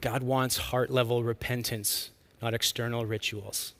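Bright-voiced man preaching earnestly. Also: medium pitch, a little slow. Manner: earnest, expressive preaching with stretched-out emphatic lines. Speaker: pastor. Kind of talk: sermon.

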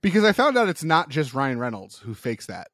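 A man's voice: fairly high pitch, fairly quick, no echo, studio quality. A man in his thirties hosting a casual group chat, joking and crude. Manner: animated, joking, crude humor. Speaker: podcast host.

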